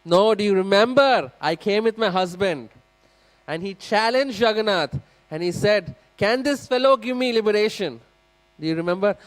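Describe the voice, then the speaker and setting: A man's voice: on the high side, moderate pace, hardly any pauses, darkish tone, no room sound, natural voice, poor audio. A man voicing a pious young wife. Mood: pleading. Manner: pleading, earnest.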